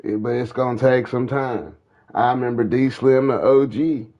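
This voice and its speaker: A man's voice: medium pitch, fairly even intonation, moderate pace. A man hosting his gaming channel, talking casually in a drawling, slangy way about faith and a breakup, like giving testimony. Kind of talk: casual monologue. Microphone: streaming mic. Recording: dull lo-fi mic.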